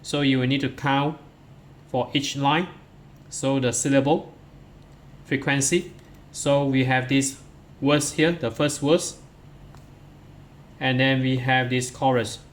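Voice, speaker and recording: Slow, methodical male teacher. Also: medium pitch, steady tone, a little hiss or hum. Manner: methodical, counts syllables aloud step by step; addresses pupils directly, starts many lines with "so". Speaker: English teacher. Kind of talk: workbook answer walkthrough.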